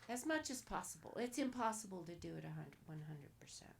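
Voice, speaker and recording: A woman guest on a casual podcast, soft-spoken and nearly whispering at times, giving blunt advice in short commands. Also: mid-range voice, sing-song, fast, vocal fry, a little hiss or hum. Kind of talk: casual interview.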